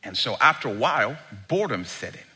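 A middle-aged man preaching a sermon, dramatic and emphatic, moving between quiet asides and loud bursts. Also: medium pitch, sing-song, fairly quick. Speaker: pastor.

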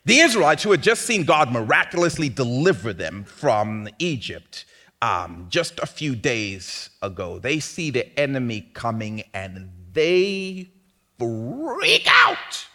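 A male pastor preaching a sermon in an animated, playful way, now and then mimicking panicked voices for laughs. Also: mid-range voice, slow pace.

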